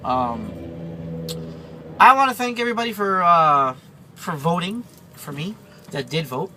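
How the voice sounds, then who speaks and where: Male truck driver vlogger, somewhat high, bright voice, rambling casual delivery, faint background noise. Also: big pitch swings, a little slow, rough recording. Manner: rambling, chatty, with many fillers and restarts. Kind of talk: casual storytelling vlog.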